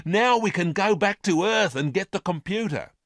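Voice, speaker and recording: A greedy space thief woman, shrill and eager, comes through in a slow storybook reading, as a man puts her on. The pitch leaps high and wide over a dry, close sound. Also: no echo. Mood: excited. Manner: shrill, excited.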